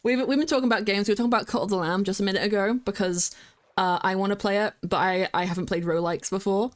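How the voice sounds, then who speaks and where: Young woman streamer, casual rambling chat with viewers, excitable bursts, mid-range voice. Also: medium pitch, quick pace. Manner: chatty, rambling, with many fillers and restarts; excitable, squeals greetings to viewers.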